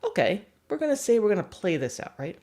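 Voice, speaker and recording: A woman's voice: medium pitch, sing-song, fast, a little mellow, pitched above the performer's own voice. A woman playing an overconfident dog-loving stranger, speaking in a cheery, self-assured manner. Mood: cheery, boastful.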